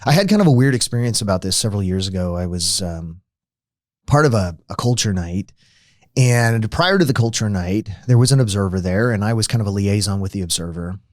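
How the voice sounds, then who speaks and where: Lowish-voiced man telling a story dry. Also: animated, a little fast, no room sound. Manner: reflective, conversational, with frequent restarts. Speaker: podcast host. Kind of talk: lecture-style podcast storytelling.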